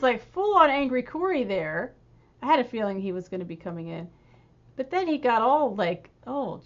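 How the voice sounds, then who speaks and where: A woman hosting a music reaction, talking casually and excitedly and laughing as she gushes about a song. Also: high voice, dull audio. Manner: excitable fangirl gushing, laughing.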